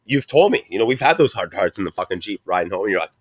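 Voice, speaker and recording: A man's voice: low-pitched, very animated, very fast, slight background noise. A man hosting a casual podcast chat, rambling and profane, often restarting and repeating himself.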